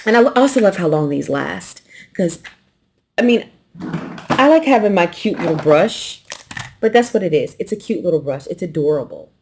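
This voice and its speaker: A woman's voice: lowish voice, normal speed, pauses often, a little hiss or hum. Lady w a slight southern accent just chatting thru her quilt box, rambly, kinda swallows her words. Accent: light Southern US. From New York. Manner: relaxed, rambling, swallows consonants. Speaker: quilting channel host. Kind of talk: casual unboxing chat.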